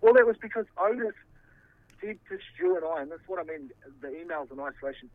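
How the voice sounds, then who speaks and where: A man's voice: fairly high pitch, lively intonation, fast. A man, defending himself in a heated interview, swearing and restarting his sentences. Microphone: phone. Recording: tinny phone line.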